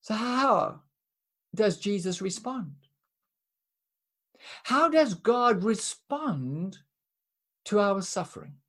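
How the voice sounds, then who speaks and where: A woman preaching a sermon in an earnest, emphatic way, with dramatic pauses and repeated words. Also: mid-range voice, sing-song, fairly bright tone.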